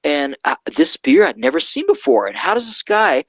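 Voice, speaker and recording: A man's voice: high-pitched, wildly swooping pitch, normal speed, vocal fry, fairly bright tone, dry recording, rough recording. A man, a guest from California, telling a rambling story in casual talk and often checking in with "okay?". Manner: rambling, keeps adding "okay?".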